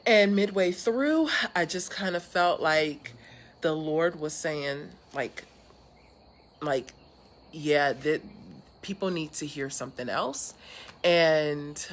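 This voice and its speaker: Woman, low voice, casual chatty talk, earnest, lots of ums and restarts, outdoors on a porch, faint background noise. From California. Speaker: speaker sharing with an online audience. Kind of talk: casual live chat.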